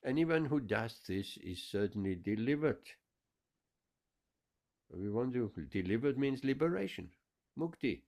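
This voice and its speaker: A man's voice: medium pitch, animated, unhurried, pauses often, a little mellow. A man giving a scripture class, explaining verses with emphatic repetition. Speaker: spiritual teacher.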